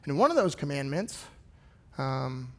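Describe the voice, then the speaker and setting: A male pastor preaching a sermon, retelling a scripture story in a lively, casual storytelling way. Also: medium pitch, a little slow. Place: church sanctuary. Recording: long reverb of a large hall.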